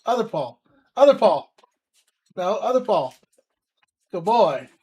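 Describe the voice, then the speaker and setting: A woman's voice: mid-range voice, very animated, takes it slowly, warm tone, breathy edge. A woman hosting a casual livestream, chatting playfully with viewers and talking to her dog. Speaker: livestream host.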